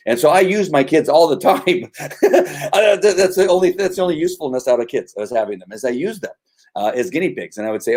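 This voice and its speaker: A man's voice: mid-range voice, lively intonation, quick pace, a little mellow. A middle-aged man, a dog trainer, explaining his training methods in casual conversation, telling stories with frequent restarts.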